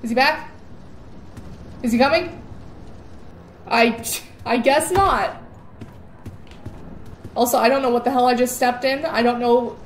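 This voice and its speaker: A woman's voice: a little high, measured pace, long pauses. A young woman giving jittery, rambling commentary on a horror game and repeating words in nervous bursts. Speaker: gaming YouTuber. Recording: echoey room with faint noise.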